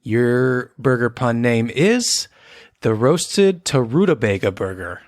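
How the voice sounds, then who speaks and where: A man co-hosting a casual podcast, joking around and slowing down for announcements. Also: medium pitch, big pitch swings, dry recording, clean studio sound. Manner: playful, jokey, slows down for announcements. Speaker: podcast co-host. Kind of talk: casual chat.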